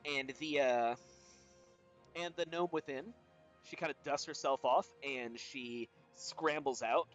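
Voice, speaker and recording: A man's voice: medium pitch, slow pace, faint music behind. A man narrating a tabletop game as game master, hesitant, with many ums.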